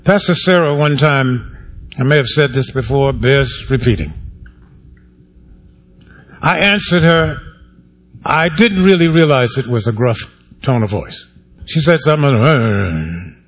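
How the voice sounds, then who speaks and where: A man's voice: mid-range voice, expressive, a little slow, long pauses. A male pastor preaching a sermon to his congregation in a wry, conversational way, asking for amens and hands raised. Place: church sanctuary.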